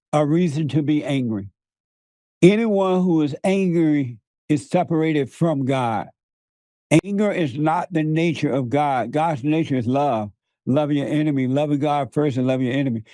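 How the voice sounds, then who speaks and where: A man's voice: on the high side, dark tone, no echo. A man preaching to his interviewer in an emphatic, repetitive way, laughing often. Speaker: guest.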